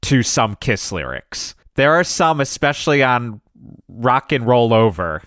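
A man's voice: medium pitch, big pitch swings, unhurried, a bit bright, no room sound, studio quality. A man co-hosting a rock music podcast, rambling and laughing in casual chat full of "like". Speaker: radio podcast co-host.

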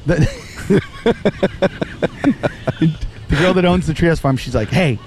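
A man with a slightly higher voice hosting a podcast, spinning crude stories with animated, profane energy. He talks into a studio mic, and a faint hum of noise sits behind him. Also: slow. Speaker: podcast host. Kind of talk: crude casual podcast banter. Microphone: podcast microphone.

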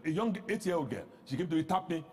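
A male pastor with a high voice that swings widely as he preaches, pressing rhetorical questions and breaking into shouts. The sermon carries a long echo, as if spoken in a large hall. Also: expressive, fast talker.

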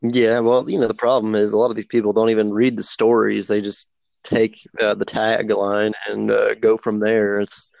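A male podcast co-host in casual political talk, calm and measured, reading details from articles. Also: fairly low pitch, vocal fry, dry recording, low-quality recording.

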